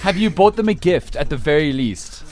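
A man's voice: on the high side, normal speed, faint music behind. A man hosting a radio breakfast show, teasing his co-hosts in playful banter. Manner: playful, mocking, animated. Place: radio studio.

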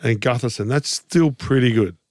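A man's voice: mid-range voice, normal speed, a little mellow, no echo, clean studio sound. An Australian man co-hosting a casual sports podcast, talking in a rambling, teasing way full of fillers. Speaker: co-host.

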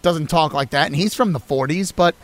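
A man's voice: on the high side, brisk, dry recording. A young man co-hosting a podcast, chatting casually and joking, often slipping into silly voices. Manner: animated, jokey, does silly voices. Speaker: podcast co-host. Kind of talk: casual chat.

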